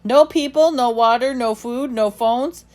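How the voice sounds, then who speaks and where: A woman voicing a gruff, protective old island sailor man who roars and speaks slowly and emphatically in a storybook reading. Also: on the high side, darkish tone, voice pushed up, natural voice. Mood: gentle. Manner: roaring, slow and emphatic.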